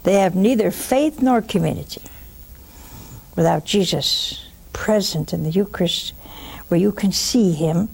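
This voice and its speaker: An older woman hosting a religious call-in show, preaching emphatically, mocking at times and dropping to a hush. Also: on the low side, unhurried, gravelly, slightly rough. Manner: emphatic, scolding, mocking then hushed.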